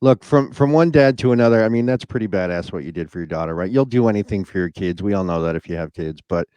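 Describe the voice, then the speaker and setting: A man's voice: low voice, expressive, fast talker, a little mellow, clean tone, muffled recording. A man hosting a casual interview, asking easygoing questions with many ums and uhs. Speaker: host.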